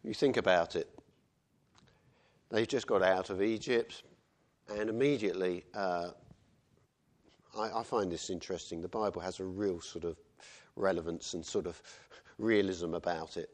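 A man's voice: low voice, moderate pace. A man preaching a sermon in a conversational way, often asking "isn't it" and acting out quotes. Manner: conversational, with tag questions and acted quotes.

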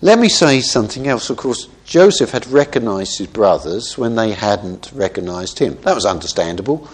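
A man's voice: lowish voice, sing-song, moderate pace, breathy edge. A man preaching through a Bible passage, talking conversationally and often tagging his points with "isn't it?" while now and then correcting himself mid-word. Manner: conversational, frequent "isn't it?" tag questions; thoughtful with small self-corrections. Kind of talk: expository Bible teaching.

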